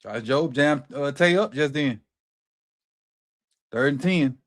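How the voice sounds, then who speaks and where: A middle-aged man hosting a watch party, calling plays live with excited, slangy reactions. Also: a little high, slow pace. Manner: excited, animated play-by-play reactions with Southern slang. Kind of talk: live football watch-along commentary.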